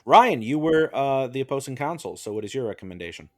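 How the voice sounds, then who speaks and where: A man's voice: medium pitch, big pitch swings, quick pace. A man hosting a podcast, cracking jokes and passing the turn to each guest. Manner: joking, moves the talk along. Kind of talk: casual podcast chat.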